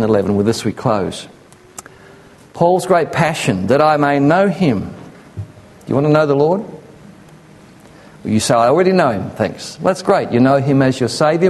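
Gravelly male preacher in echoey hall. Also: mid-range voice, a little mellow. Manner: earnest, conversational, acts out quoted voices. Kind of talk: sermon.

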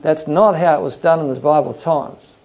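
A man's voice: on the high side, normal speed, creaky, a little mellow. A middle-aged man preaching a sermon, telling stories and acting out animal noises and other voices. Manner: storytelling, acts out animal sounds and voices. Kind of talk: sermon with anecdotes.

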